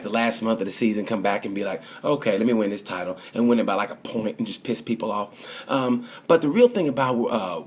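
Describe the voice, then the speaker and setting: Husky low-voiced racing vlogger. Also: male voice, a little mellow. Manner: rambling, chatty, full of fillers and restarts. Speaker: motorsport vlogger. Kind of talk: casual race-review commentary.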